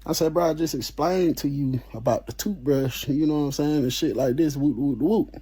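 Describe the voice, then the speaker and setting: A man telling a story in a casual, animated way, full of slang and swearing. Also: on the high side, normal speed, breathy edge.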